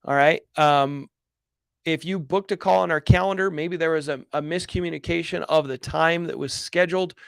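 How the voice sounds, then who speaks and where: A man's voice: fairly high pitch, steady tone, normal speed, gravelly, a bit bright, clear, resonant tone, dry recording. Earnest man giving a motivational talk. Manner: earnest, emphatic, repeats phrases for effect. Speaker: real estate coach hosting a live Q&A. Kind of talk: motivational live-stream talk.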